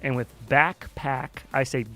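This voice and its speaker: A man's voice: mid-range voice, steady tone, a little slow, over music. A man hosting a livestream, chatting loosely and rambling while he flies a drone simulator, swearing often. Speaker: livestream host. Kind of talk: casual chat while flying a drone simulator.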